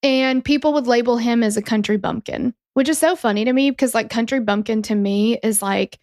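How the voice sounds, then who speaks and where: A woman's voice: fairly high pitch, brisk, a little mellow, no echo, studio quality. A woman co-hosting a true-crime podcast, chatting casually with lots of fillers and some swearing. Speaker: podcast co-host.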